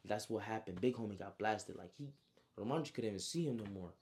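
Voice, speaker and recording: A man casually recapping his own story, slangy and animated, with frequent asides. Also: fairly low pitch, quick pace.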